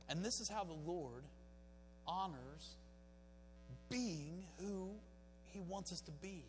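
A man preaching a sermon in a church, swinging between fiery exhortation and quiet, folksy storytelling. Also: high voice, slow, long pauses. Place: church sanctuary. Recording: reverberant church hall with faint music.

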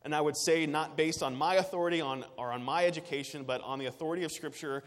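A man's voice: on the high side, quick pace, long reverb tail. A man preaching a sermon as pastor, earnest and emphatic, with repetitive phrasing.

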